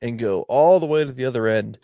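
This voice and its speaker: A man's voice: medium pitch, a little fast, vocal fry, warm tone, no room sound, clean studio sound. A man hosting a podcast, rambling and swearing as he tells stories in casual chat. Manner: rambling, profane, storytelling. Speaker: podcast host.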